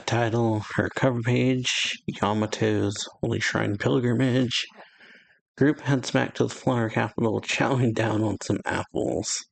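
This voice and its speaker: A man's voice: lowish voice, vocal fry, dry recording, rough recording. A man hosting an anime reaction channel, casually reading manga dialogue aloud and adding chuckles and asides.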